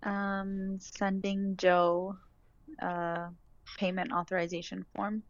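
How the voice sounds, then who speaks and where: A woman's voice: medium pitch, level tone, slow, muffled recording. A woman called into a podcast, giggling and answering briefly. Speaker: guest on a phone call. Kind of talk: casual chat.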